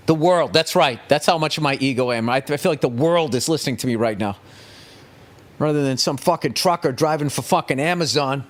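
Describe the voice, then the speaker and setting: A man ranting on his podcast in a profane, sarcastic comedic monologue. His voice sits a little higher than most men's, and he swears freely as he talks. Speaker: podcast host.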